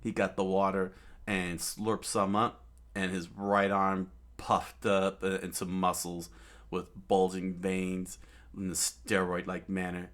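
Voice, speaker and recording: A man casually reading a comic aloud, halting often and restarting his sentences with amused asides. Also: low voice, little pitch movement, fairly bright tone. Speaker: comic reader.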